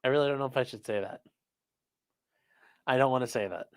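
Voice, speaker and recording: A man's voice: mid-range voice, a little fast, clean tone. A man hosting a casual livestream, reading viewer messages aloud and making blunt, sarcastic, profane asides. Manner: sarcastic and blunt, swears freely. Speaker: livestream host reading chat. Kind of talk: casual live commentary.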